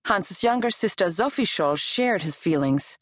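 A woman reading a history audiobook in a measured, even scripted narration. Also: on the low side, dry recording, clean studio sound.

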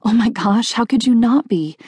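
A bubbly, friendly young college girl with a soft Southern drawl chatters in a bright, high voice, as a woman narrator puts her on. She sounds eager and a little nervous, her pitch lifting well above the reader's own. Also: expressive, moderate pace, breathy edge, dry recording, clean studio sound.

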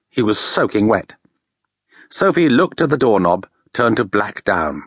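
A man narrating a fantasy audiobook with expressive, scripted storytelling. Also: fairly low pitch, measured pace, breathy edge, no echo, clean studio sound.

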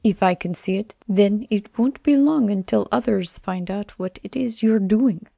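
A woman's voice: medium pitch, a little slow, vocal fry, dark tone, dry recording. A woman voicing a cryptic anonymous messenger with a cool, clipped, threatening manner in an audiobook.

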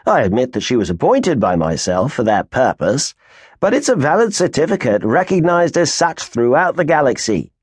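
A man voicing a gruff, proud male starship captain who answers stiffly. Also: mid-range voice, very animated, normal speed, dry recording, studio quality. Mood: smug. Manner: stiff, growling, then smug.

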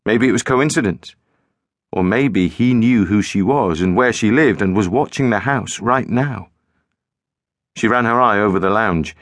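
A man narrating a suspenseful audiobook in a measured storytelling manner, recorded in a studio. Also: lowish voice, dry recording. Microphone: studio microphone.

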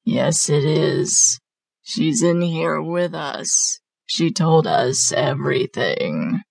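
A woman voicing a demon that possesses a young woman, speaking in a hideous guttural voice, slow and taunting. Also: low-pitched, lively intonation, gravelly, darkish tone, no echo, exaggerated voice. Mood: menacing.

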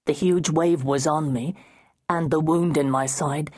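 A woman reading a historical novel aloud in the first person, in a measured, deliberate way. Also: low voice, fairly even intonation, darkish tone, slightly rough. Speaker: audiobook narrator. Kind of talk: first-person audiobook narration.

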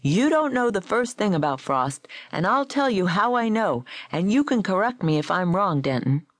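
A woman's voice: mid-range voice, sing-song, moderate pace, no echo, pitched above the performer's own voice. Woman doing a pompous, lecturing literary man. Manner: lecturing, emphatic.

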